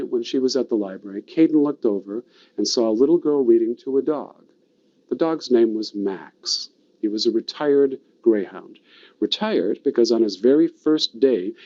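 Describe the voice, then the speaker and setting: A man giving a storytelling talk, expressive with dramatic pauses. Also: medium pitch, highs cut off. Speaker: storytelling presenter.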